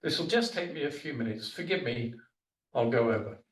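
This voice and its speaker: A man voicing a calm, patient male sage of ancient India who speaks in a gentle, measured way, in a story told during a sermon. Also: medium pitch, lightly acted. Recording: roomy hall, voice from a distance.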